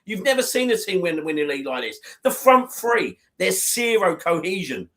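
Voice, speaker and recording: High-voiced man ranting furiously. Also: very animated, normal speed, fairly bright tone. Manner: heated, sweary, repetitive ranting. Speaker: football fan co-host. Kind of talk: angry live match watchalong rant.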